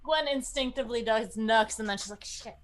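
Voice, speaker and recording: A woman's voice: a little high, brisk. A woman playing a tabletop game, chatty and playful. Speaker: player. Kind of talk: casual tabletop game play.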